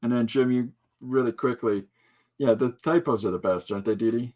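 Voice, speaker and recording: A man's voice: medium pitch, a little fast, darkish tone. A man hosting a podcast, chatting loosely, joking and laughing often. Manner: jokey, laughs often, breaks into impressions. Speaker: podcast host. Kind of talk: rambling casual chat.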